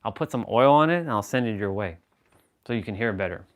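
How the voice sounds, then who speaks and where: A man hosts a live stream and talks loosely and off the cuff. He jokes with viewers and reacts to their comments as he goes. His voice sits a little low. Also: expressive, fast talker. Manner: rambling, joking, reacting to chat. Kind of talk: casual live stream chat.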